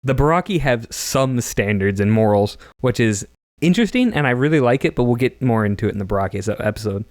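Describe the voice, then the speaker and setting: Dude on a podcast rambling and laughing through a plot recap, dry close sound. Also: male voice, mid-range voice, animated, quick pace, dry recording. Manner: chatty, laughs often, slips into character voices. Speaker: podcast co-host recapping a story. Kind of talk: casual chat.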